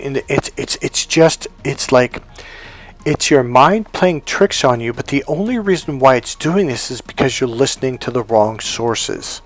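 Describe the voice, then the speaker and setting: A man's voice: mid-range voice, animated, measured pace. A man giving relationship coaching advice in a blunt, emphatic monologue, acting out the voices he quotes.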